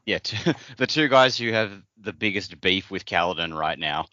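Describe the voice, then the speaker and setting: A man's voice: low voice, lively intonation, normal speed, sharp tone. A man co-hosting a podcast, chatting casually and joking about a book. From Australia. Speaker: podcast co-host. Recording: dry, dull lo-fi audio.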